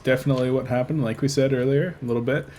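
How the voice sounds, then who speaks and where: A man's voice: mid-range voice, fairly even intonation, racing, a little mellow, a little hiss or hum. A young man casting a video game match with a co-host, chatty and joking, rambling off topic. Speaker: game commentator. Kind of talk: casual esports commentary.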